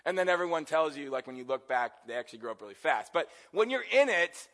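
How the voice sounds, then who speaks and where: A man's voice: on the high side, sing-song, fast, fairly bright tone. A middle-aged male pastor preaching in a conversational way, often asking his listeners questions. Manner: conversational, asks the congregation questions. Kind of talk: sermon.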